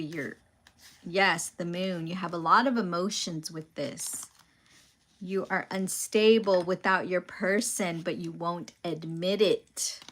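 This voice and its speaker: Slow, low-voiced woman reading tarot. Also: fairly bright tone, a little hiss or hum. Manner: slow, pausing, intuitive musing. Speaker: tarot reader.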